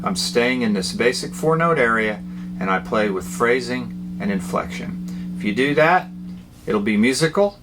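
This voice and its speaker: A man's voice: mid-range voice, expressive, a little slow. A man teaching guitar, explaining phrasing and inflection in a plainspoken way and checking in with short questions. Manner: plainspoken, explains by spoken-language analogies, checks in with "okay?" and "right?". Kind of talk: demonstrating at the guitar. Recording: guitar playing between and under the talk.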